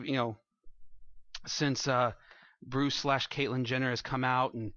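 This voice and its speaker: A high, bright-toned young man delivers a sermon to his congregation as their pastor. He speaks earnestly and plainly, often restarting his phrases. The sound is dry and close, a little dull. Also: dry recording. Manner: earnest, plain-spoken preaching with repeated restarts.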